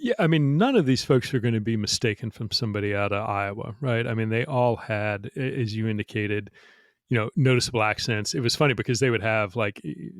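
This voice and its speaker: A middle-aged man with a fairly low voice talks in a loose, rambling way, leaning on "you know" and restarting his sentences. The sound is dry and close, with no room around it. He comes across as a frank guest in a casual interview. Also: a little fast, dry recording. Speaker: guest, former counterintelligence agent.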